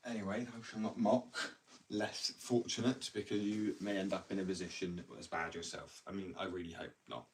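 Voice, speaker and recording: A man's voice: low-pitched, level tone, normal speed, distant mic, low-quality recording. A man in casual, rambling live chat, joking and slangy as he talks about addiction. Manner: chatty, joking, slangy, self-interrupting. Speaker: livestreamer talking about addiction.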